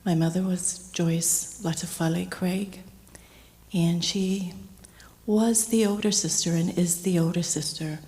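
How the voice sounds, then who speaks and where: A middle-aged woman speaking gently and slowly as she shares a heartfelt memorial tribute for her uncle. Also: on the low side, fairly even intonation. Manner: gentle, slow and heartfelt storytelling. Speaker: niece giving a eulogy. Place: memorial service hall. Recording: long hall reverb.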